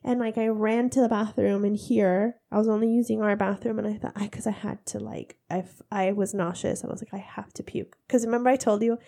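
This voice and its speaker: A woman's voice: mid-range voice, fairly even intonation, a little fast, creaky, hardly any pauses, mellow. A woman in her thirties, congested, telling stories in a casual chat with frequent laughter. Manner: chatty, laughing storyteller.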